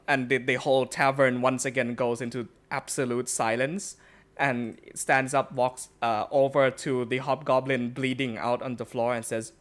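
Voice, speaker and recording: A man's voice: mid-range voice, little pitch movement, normal speed, a bit bright. A man narrating a tabletop game as game master, rambling with fillers and laughing often.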